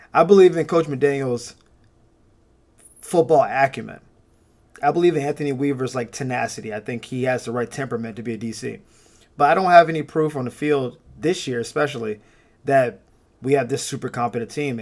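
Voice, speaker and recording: A man's voice: on the high side, a little mellow. A man hosting a fan channel, giving casual, opinionated sports commentary with frequent laughs and fillers.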